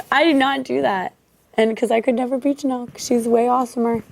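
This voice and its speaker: A woman's voice: a little high, fairly even intonation, normal speed, creaky, slight background noise. A young woman chatting playfully and teasing her partner, often giggling. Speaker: reality show houseguest. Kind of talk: casual chat.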